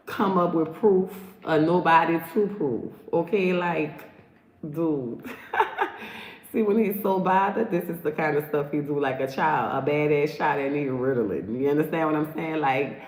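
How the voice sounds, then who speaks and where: A woman's voice: low voice, unhurried. A woman giving taunting, sassy commentary on a video, repeating herself to mock the person on screen. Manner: sassy, taunting, repetitive "look, look". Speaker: host. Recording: roomy echo.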